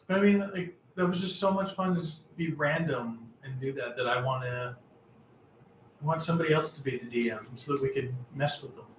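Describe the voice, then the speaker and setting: A man's voice: medium pitch, a little fast, far from the mic, slight background noise. A young man co-hosting a casual podcast and bantering playfully and jokingly. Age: young adult. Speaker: podcast co-host. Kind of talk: casual chat. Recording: echoey room with faint ambience.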